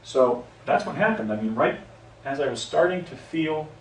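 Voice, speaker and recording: A man's voice: on the high side, expressive, normal speed, a little hiss or hum. A man telling a personal story outdoors, often stopping to correct himself and restarting his sentences. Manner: rambling, self-correcting, with frequent restarts. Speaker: storyteller recounting a personal experience. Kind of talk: unscripted first-person account. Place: outdoors, on location. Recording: roomy echo, mic at a distance, faint ambience.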